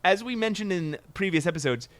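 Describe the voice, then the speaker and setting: A man co-hosting a podcast in casual chat, jokey and animated, breaking into loud mock quotes. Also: high voice, a little fast, dry recording. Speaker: podcast co-host.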